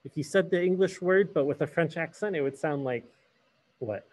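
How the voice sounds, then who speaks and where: A man's voice: a little high, normal speed, darkish tone. A man teaching a hybrid French class, switching between English and French and asking the students questions.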